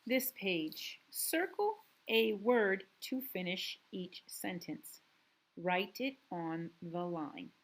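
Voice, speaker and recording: A woman's voice: medium pitch, lively intonation. A woman teacher reading a worksheet aloud to young students, drawing out words and talking patiently. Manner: slow, deliberate reading with drawn-out words; patient, encouraging classroom tone. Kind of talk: recorded remote lesson for young students.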